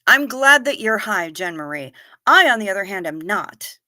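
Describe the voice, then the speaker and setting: A woman's voice: medium pitch, sing-song, moderate pace, pushed and bright, no echo, clean studio sound. A woman hosting a live stream, chatting casually as she reads viewer comments aloud, wry and given to swearing and giggling.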